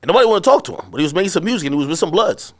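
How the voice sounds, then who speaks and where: Male interview guest, lively pitch, cursing and rambling storyteller. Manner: profane, rambling, quick anecdotal storytelling. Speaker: interview guest, media personality.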